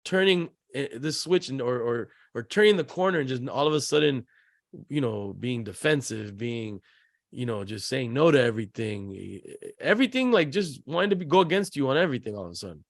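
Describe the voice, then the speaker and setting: A man co-hosting a podcast, animated and acting out his kids' voices as he tells family stories. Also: mid-range voice, brisk, dry recording, clean studio sound. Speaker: podcast co-host. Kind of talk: casual chat.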